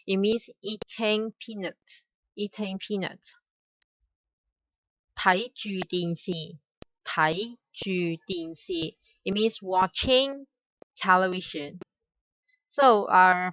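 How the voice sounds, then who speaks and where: A woman's voice: on the low side, a bit bright, dry recording, highs cut off. A woman with a Hong Kong Cantonese accent, a native Cantonese speaker, giving a language lesson and repeating each word twice in a careful, patient way. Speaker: language teacher. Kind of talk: slow spoken language lesson.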